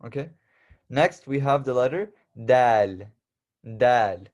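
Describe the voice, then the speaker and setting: A man's voice: mid-range voice, unhurried, a little mellow. Man patiently teaching letter sounds. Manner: patient, repeats and stresses each letter sound. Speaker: Arabic alphabet teacher. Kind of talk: casual instructional lesson.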